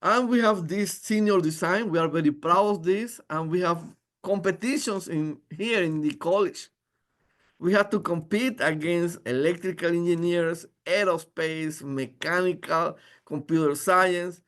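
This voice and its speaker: A man presenting his engineering department as a faculty member, earnest and halting with frequent restarts. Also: high-pitched, a bit bright. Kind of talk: informational presentation.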